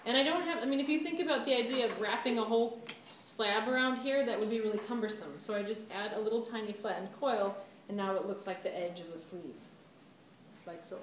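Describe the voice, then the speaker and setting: A woman art teacher speaks a little fast in a fairly high voice during a casual clay demonstration, chatting with her class and laughing often at her own mistakes. The recording is roomy, from a distant camera mic, with background noise.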